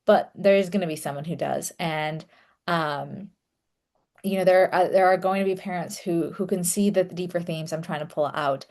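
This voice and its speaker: A young woman talking casually to her audience, chatty and relaxed, with many fillers and small laughs. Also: on the low side, moderate pace. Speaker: author and content creator. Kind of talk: casual solo talk to camera.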